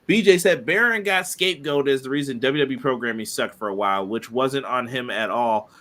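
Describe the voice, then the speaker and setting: A man's voice: medium pitch, fairly quick, fairly bright tone. A man co-hosting a casual podcast, chatting loosely and reading viewer comments aloud. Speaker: podcast co-host.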